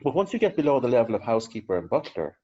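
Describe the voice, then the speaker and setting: A man speaking as a local historian guest in a relaxed interview, talking at length and chuckling between his points. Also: medium pitch, racing. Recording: slightly dull lo-fi recording.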